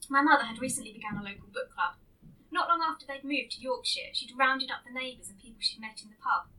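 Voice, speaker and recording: A woman's voice: high voice, fast talker, pushed and bright, recorded from a distance, rough recording. A woman reading a story aloud as narrator, in a dry, understated way. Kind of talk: audiobook reading.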